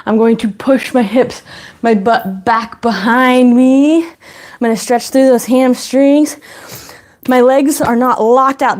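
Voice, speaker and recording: A woman's voice: on the high side, darkish tone. A woman fitness instructor leading a home workout, chatty as she cues each move and counts reps.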